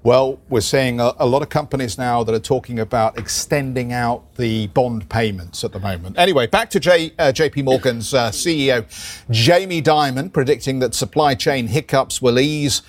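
A man's voice: medium pitch, normal speed. A man anchoring live business news, chatting with a co-presenter in a dry, understated way.

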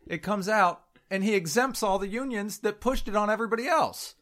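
A man's voice: high-pitched, fairly quick, a bit bright. A man co-hosting a casual political chat, his voice cracking as he rants bluntly and with emphasis. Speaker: co-host.

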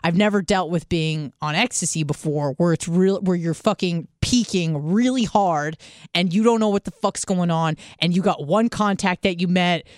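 A young woman telling a story in casual podcast chat, animated and swearing, acting out the people in it. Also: lowish voice, normal speed, no room sound, clean studio sound. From California. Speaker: podcast guest.

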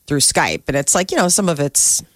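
A woman's voice: low-pitched, expressive, a little fast, no room sound. A woman who reads the news on a morning radio show and then chats freely with her co-hosts. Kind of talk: casual morning radio chat.

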